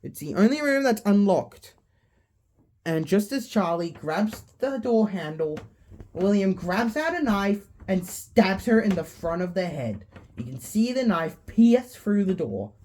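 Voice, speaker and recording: A woman's voice: medium pitch, very animated, a little slow, warm tone. A woman casually narrating a fan story in a loose way, with fillers.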